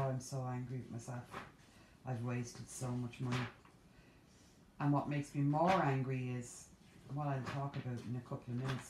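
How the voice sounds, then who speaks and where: Low-voiced ranting Irish woman. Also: background noise. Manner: animated, exasperated ranting with playful asides. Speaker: cross-stitch vlogger. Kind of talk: casual chat to camera. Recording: echoey room.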